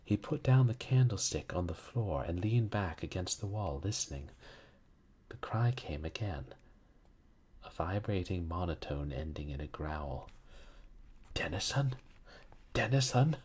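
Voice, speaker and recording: A man reading an old horror story aloud in a slow, solemn, dramatic manner. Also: deep voice, lively intonation, mellow, slightly rough. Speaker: reader.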